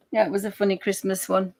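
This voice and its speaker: A woman chatting casually and giggling as she draws live for viewers. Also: mid-range voice. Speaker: digital artist streamer. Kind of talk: casual chat while drawing live.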